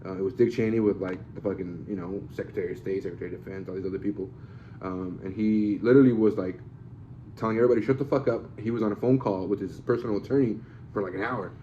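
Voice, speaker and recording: Fast, profane, rambling man. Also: low voice, steady tone, mellow, slight background noise. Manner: rambling, profane, hedging storyteller. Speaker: podcast host. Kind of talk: casual podcast chat. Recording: slightly dull lo-fi podcast audio.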